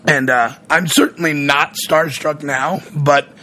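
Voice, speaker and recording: Male radio personality, casual rambling storyteller, bright forceful tone. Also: fairly high pitch, steady tone, unhurried. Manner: rambling, acts out quoted voices.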